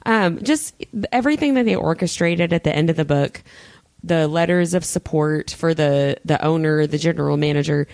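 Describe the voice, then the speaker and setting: A woman's voice: low-pitched, normal speed, darkish tone, dry recording. A woman co-hosting a podcast, chatting casually and earnestly about what she loves. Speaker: podcast co-host.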